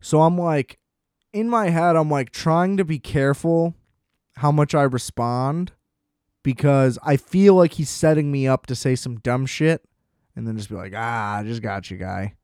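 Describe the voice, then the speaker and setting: Smooth-voiced man rambling sardonically. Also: a little high, a little slow, a little mellow, no echo, clean studio sound. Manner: rambling, sardonic, self-deprecating. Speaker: solo storyteller. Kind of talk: casual comedic storytime monologue. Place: small room at home.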